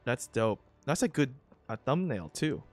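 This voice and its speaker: A man casually commenting on his own gameplay, excitable and swinging between grumbling and thrilled. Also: medium pitch, unhurried, dry recording, soft background music.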